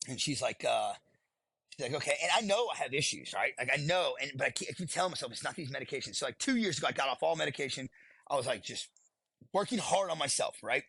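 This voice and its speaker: Middle-aged man, gravelly and husky, blunt and profane storyteller, podcast guest. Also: mid-range voice, lively intonation, fast, sharp tone, dry recording. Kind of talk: candid storytelling.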